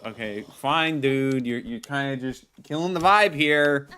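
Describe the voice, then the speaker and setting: A man's voice: mid-range voice, measured pace, pushed and bright, clean tone. A man streaming a video game, chatting casually as he plays, rambling, restarting words and talking to his viewers. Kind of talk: casual gameplay commentary.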